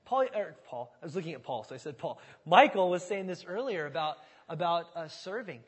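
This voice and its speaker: A man preaching an expository sermon in an animated, conversational and emphatic way. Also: fairly high pitch, a little fast, slightly rough, big-room sound. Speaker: pastor.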